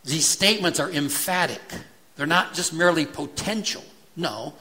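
A man's voice: a little high, expressive, moderate pace, pushed and bright, poor audio. A man preaching a sermon emphatically, asking the congregation rhetorical questions. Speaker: pastor.

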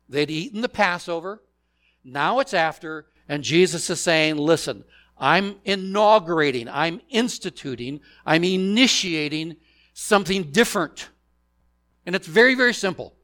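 A male pastor delivering a sermon at an unhurried, measured pace. His voice sits a little higher than most men's, and he leans on key words and poses questions for the congregation to answer. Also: fairly bright tone. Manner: deliberate preaching, rhetorical questions to the congregation.

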